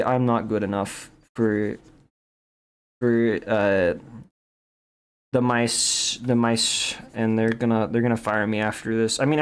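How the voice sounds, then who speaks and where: A young man with a smooth, medium-pitched voice streams while he draws, rambling in goofy, casual chat. He jokes, repeats himself, restarts sentences and says dude a lot.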